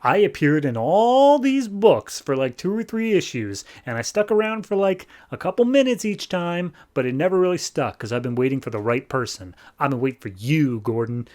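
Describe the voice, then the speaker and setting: A man's voice: fairly high pitch, lively intonation, normal speed, hardly any pauses, darkish tone, lightly acted. A man voicing a smug ancient shadow spirit trapped in a diamond, talking in a flippant, wheedling way. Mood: breezy.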